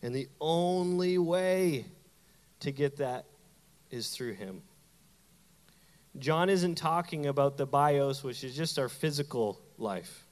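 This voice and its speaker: A middle-aged man, a pastor, giving a lively, conversational sermon with playful asides to his congregation. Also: fairly high pitch, a little slow, long reverb tail. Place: church sanctuary.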